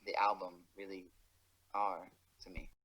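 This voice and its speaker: A man's voice: deep voice, flat delivery, unhurried, fairly bright tone, slightly rough, rough recording. A man answering an interview question in a reflective, hesitant way with many restarts.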